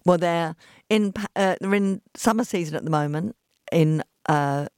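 A woman with an East London accent, a guest telling lively stories in a podcast interview and acting out the voices of the people in them. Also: lowish voice, normal speed, clean tone, no echo, clean studio sound. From England. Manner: animated storyteller acting out quoted voices.

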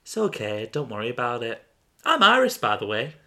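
A man's voice: medium pitch, wildly swooping pitch, a little fast, gravelly, pushed and bright, full character voice. A man voicing a cheerful young woman in a nightclub, in a comic fan fiction reading. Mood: friendly.

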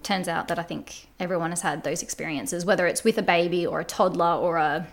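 Woman on a podcast, lowish voice, earnest and reflective. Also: steady tone, a little fast, vocal fry. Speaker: podcast guest. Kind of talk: candid conversational storytelling.

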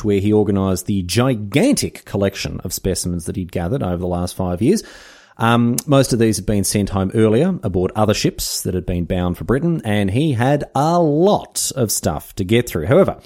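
A man's voice: mid-range voice, warm tone. An Australian man hosting a history podcast, telling the story in a casual, jokey, slangy way. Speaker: podcast host.

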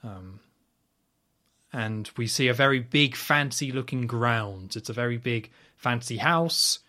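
A man in the middle of an ordinary pitch range hosts a casual podcast. He talks through a film recap in a rambling, chatty way and offers blunt opinions along the way. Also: measured pace, sharp tone. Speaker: podcast host.

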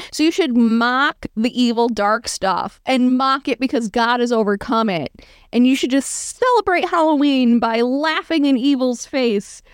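A woman's voice: on the high side, smooth, no echo, clean studio sound. A woman giving casual, sarcastic reaction commentary, reading a blog aloud and joking about it. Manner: sarcastic, amused, reads aloud and riffs.

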